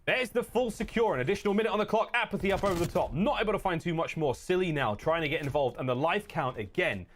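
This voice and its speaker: A man's voice: a little high, fast talker. A man casting an esports match as play-by-play commentator, his voice jumping up on big plays. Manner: excitable, voice leaps up on big plays. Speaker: esports caster.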